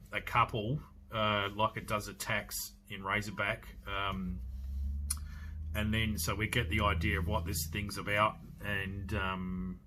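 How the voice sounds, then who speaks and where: A man with an Australian accent talks through a horror film review in a loose, rambling way, full of fillers and restarts. His voice is low-pitched but bright and forward, with a faint ambient hiss behind him. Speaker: podcast host reviewing films. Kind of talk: casual solo review.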